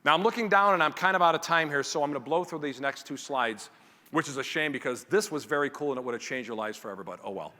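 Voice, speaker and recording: A man giving a motivational keynote speech to a conference audience, acting out family scenes in quick character voices. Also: on the high side, bright, forceful tone. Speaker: keynote speaker. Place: large conference hall. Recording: reverberant hall.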